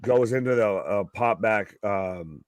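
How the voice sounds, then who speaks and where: A man co-hosting a live wrestling reaction stream, excitable and profane, his voice going hoarse. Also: fairly low pitch, slow pace, no room sound. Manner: excitable, profane, calls the action. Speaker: wrestling co-host.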